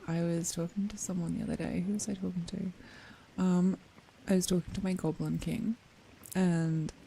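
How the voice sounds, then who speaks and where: A woman streamer in a whispered role-play, chatting playfully and softly with viewers and often giggling. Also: on the low side, a little hiss or hum, rough recording.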